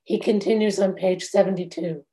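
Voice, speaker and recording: A woman meditation teacher giving a dharma talk in a measured, reflective way, with long pauses. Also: medium pitch, fairly even intonation, warm tone.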